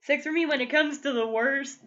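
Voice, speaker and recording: A woman's voice: sits high, fairly quick, a bit bright, muffled recording. A woman gushing casually through a TV episode review, emotional and full of "like" fillers. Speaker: TV show reviewer. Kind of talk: casual solo review vlog.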